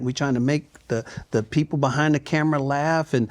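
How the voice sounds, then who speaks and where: Older man, halting laid-back talk. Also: medium pitch, fairly even intonation. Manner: halting, repeats words, quotes himself in hushed asides. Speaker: guest. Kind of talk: relaxed interview talk.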